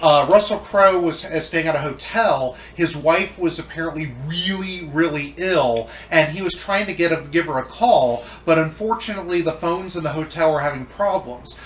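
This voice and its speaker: Male podcast host, a bit high, echoey room, rambling fan talk. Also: moderate pace, hardly any pauses, a bit bright, slight background noise. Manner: rambling, enthusiastic geeky tangents. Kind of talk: casual chat.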